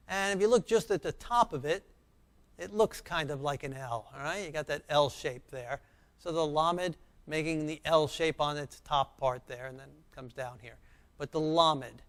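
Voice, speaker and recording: Guy teaching beginner hebrew, slightly high voice, slow and patient, repeats every sound. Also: fairly bright tone. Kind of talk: beginner language lesson.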